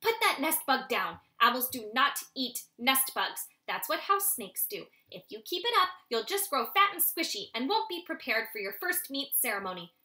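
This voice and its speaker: A woman's voice: high-pitched, big pitch swings, normal speed, hardly any pauses, bright, forceful tone, exaggerated voice. A woman voicing a fussy, scolding old blind female snake who tends the nest.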